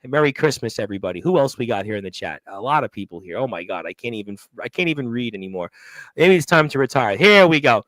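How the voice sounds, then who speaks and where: A man's voice: mid-range voice, expressive, quick pace, a bit bright, no room sound, poor audio. A man from Brooklyn hosting a casual live talk show, reading chat comments aloud with jokes. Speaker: host.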